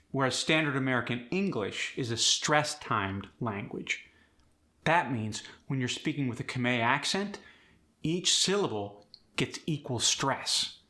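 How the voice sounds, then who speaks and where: A man teaching an accent tutorial in a clear, demonstrative and encouraging way. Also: medium pitch, bright, forceful tone. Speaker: accent coach.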